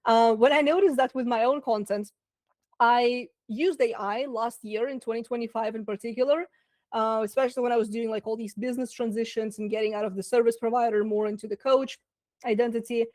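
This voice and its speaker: A chatty woman with a Russian accent coaching a live online class, her voice sitting a little high. She talks loosely, with fillers and side remarks. The sound is dry and close, with no room around it. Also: fairly even intonation, brisk, darkish tone, no echo. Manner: chatty, lots of fillers and asides. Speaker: business coach. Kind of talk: webinar masterclass talk.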